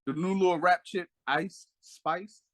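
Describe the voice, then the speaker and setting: A man's voice: sits high, unhurried. A man co-hosting a casual podcast chat, telling stories animatedly and acting out the people he quotes. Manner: animated storyteller, acts out quotes in raised voices. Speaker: podcast co-host.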